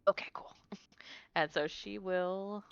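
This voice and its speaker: A woman's voice: mid-range voice, fairly even intonation, slow pace, gravelly, smooth, highs cut off. Easygoing woman playing a tabletop game. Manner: chatty, easygoing. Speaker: player. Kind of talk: casual chat in a tabletop game.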